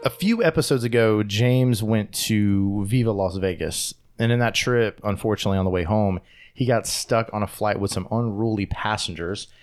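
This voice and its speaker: A man's voice: fairly low pitch, normal speed, soft background music. Laughing male podcast host. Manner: retells a news story, laughs often. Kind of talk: casual podcast chat.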